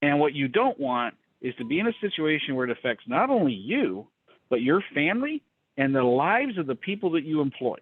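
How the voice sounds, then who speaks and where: A blunt, animated man on a mastermind call tells a cautionary story and mimics people in a higher voice. He sits a bit high for a man. The sound is dry and tinny, like a phone line. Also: fairly quick, husky, no room sound. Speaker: business coach hosting a mastermind call. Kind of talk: casual storytelling talk.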